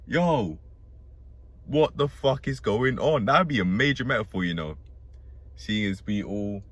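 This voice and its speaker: A man with a very low voice thinks out loud, drifting between ideas and swearing casually as he goes. He sounds as though he is talking to himself more than to an audience. He speaks from the seat of a parked car. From Britain. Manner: musing, profane, talks to himself and jokes. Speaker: vlogger. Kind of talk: rambling self-talk monologue.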